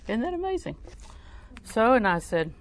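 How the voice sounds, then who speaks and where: An older woman teaching a sermon through personal stories, talking conversationally and often dropping to a soft, near-whispered voice. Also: on the high side, big pitch swings, moderate pace. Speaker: Christian teacher.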